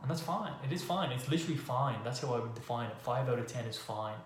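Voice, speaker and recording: A man's voice: medium pitch, expressive, fast. A man hosting a podcast, talking through a casual motivational monologue with emphatic rhetorical questions. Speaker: podcast host. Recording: echoey room with faint ambient noise.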